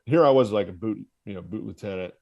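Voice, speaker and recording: A man's voice: lowish voice, fast talker, creaky, highs cut off. A man from the United States, a former Marine officer, telling his story as a podcast guest in a candid, profane way and laughing at himself. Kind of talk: casual storytelling in conversation.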